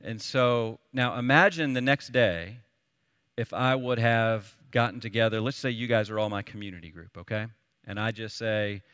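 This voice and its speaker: A man in his thirties preaching a sermon, telling a family story in an animated, conversational way. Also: fairly low pitch, normal speed, clean tone, dry recording, studio quality, long reverb tail. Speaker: pastor.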